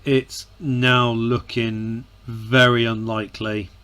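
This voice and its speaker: Guy doing a football game let's play, talks slow, sighs a lot then yells at goals, keeps repeating himself. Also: medium pitch, level tone, smooth. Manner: emotional, sighing and groaning, bursting into shouts; repeats and restarts words. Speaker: gaming commentator. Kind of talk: casual let's-play commentary.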